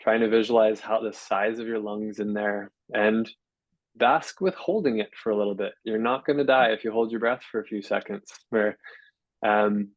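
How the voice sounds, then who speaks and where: A man with a low-set voice talks through anatomy and breathing exercises in a measured, step-by-step way, pausing on fillers and restarting his sentences. The sound is close and dry, with no room around it. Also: steady tone, no room sound, lo-fi sound. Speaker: physiotherapist guest. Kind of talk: explanatory interview talk.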